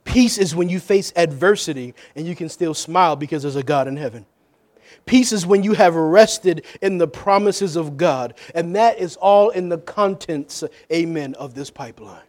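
A male pastor preaching a sermon, calling out to the congregation and swinging from hushed, low asides to loud, shouted passages. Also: normal speed.

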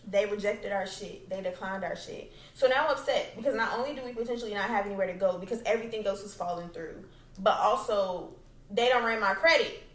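A woman's voice: medium pitch, brisk, a bit bright, far from the mic. Blunt young woman, roomy and off-mic. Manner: blunt and profane, emphatic. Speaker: podcast host. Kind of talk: candid personal storytelling. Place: home.

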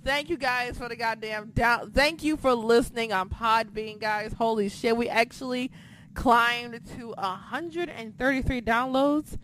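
A woman hosting a podcast, recapping in casual chat, excitable and profane, swinging between shouting and muttering. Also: fairly high pitch, unhurried, a little hiss or hum. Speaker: podcast host.

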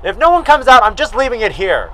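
A man's voice: very high-pitched, huge pitch swings, fast talker, fairly bright tone, heavily acted, rough recording. A man as a flustered, impatient delivery driver. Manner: hesitant, calling out impatiently.

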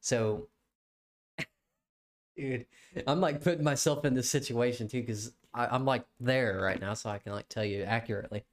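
A man's voice: mid-range voice, moderate pace. Give me a young man hosting a podcast, rambling and laughing as he tells a story. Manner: rambling, swears a lot, laughs often. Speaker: podcast co-host. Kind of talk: casual chat.

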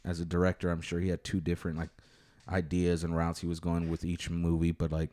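A man's voice: low-pitched, fairly quick. An American man hosting a casual podcast chat, telling stories with lots of swearing and acting out what people said. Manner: animated, profane storytelling with acted-out quotes. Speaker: podcast host.

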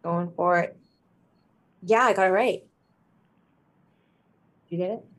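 A woman's voice: fairly low pitch, slow pace, poor audio. A woman co-hosting a casual quiz chat, playful and teasing, boasting about her answers. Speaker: co-host.

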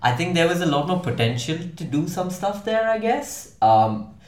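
A man's voice: on the high side, sing-song, normal speed. A man hosting a casual podcast chat, talking loosely and leaning on "like" and "right?" as fillers. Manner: chatty, leans on "like" and "right?". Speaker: podcast host. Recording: roomy echo.

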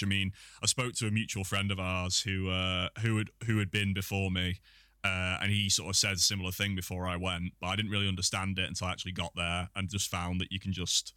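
A man's voice: deep voice, level tone, fairly quick, pushed and bright, dry recording, clean studio sound. A man in casual chat, an easygoing talker who uses plenty of fillers.

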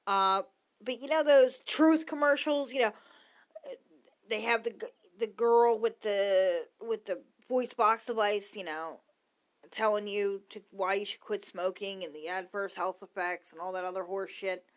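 A woman's voice: medium pitch, a little slow. A woman in her thirties hosting her own podcast, ranting casually and bluntly, swearing freely and wandering off into asides. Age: 30s. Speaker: podcast host. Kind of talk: casual opinion rant.

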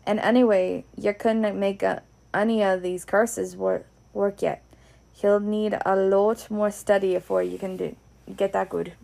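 Woman reading as Hagrid, a gruff Scots giant. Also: medium pitch, little pitch movement, a little slow, mellow. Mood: cautioning. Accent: Scottish. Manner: rambling, homely Scots speech. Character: big gruff kindly male groundskeeper giant.

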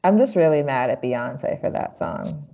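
Low, slow-talking woman, blunt and excitable. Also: gravelly, muffled recording, a little hiss or hum. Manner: blunt, excitable, swears freely. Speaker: podcast co-host. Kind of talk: casual chat.

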